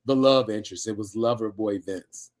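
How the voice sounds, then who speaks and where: A man's voice: on the low side, normal speed. Laid-back man reading live chat. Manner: relaxed, laughs often, reads chat aloud. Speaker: co-host of a live review show. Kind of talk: casual live-stream chat, reading viewer comments.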